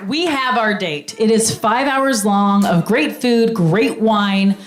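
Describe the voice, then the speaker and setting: A woman telling a stand-up story on stage, animated and squealing at the big moments. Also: takes it slowly, roomy sound, slight background noise. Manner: animated, acts out voices, high squeals at punchlines. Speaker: stand-up comedian. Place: comedy stage with a live audience.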